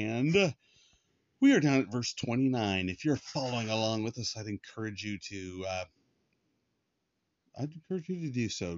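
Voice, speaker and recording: A man's voice: lowish voice, no echo. A man hosting a podcast, teaching through a Bible passage in a conversational way, with frequent fillers and restarts. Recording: dull lo-fi dry recording.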